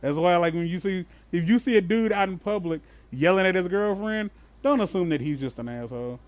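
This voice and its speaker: A podcast co-host tells stories in casual chat, his voice sitting high and moving a little fast. He's an animated storyteller who swears freely and bursts into laughter.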